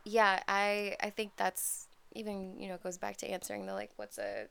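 A woman's voice: mid-range voice, big pitch swings, moderate pace, creaky, fairly bright tone. A woman co-hosting a casual chat, rambling with many fillers and restarts. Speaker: podcast co-host.

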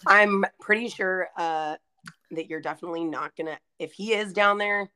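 A woman co-hosts a podcast in easy, reflective chat and laughs often. Her voice is low. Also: normal speed, sharp tone, clear, resonant tone. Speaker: podcast co-host. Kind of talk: casual chat.

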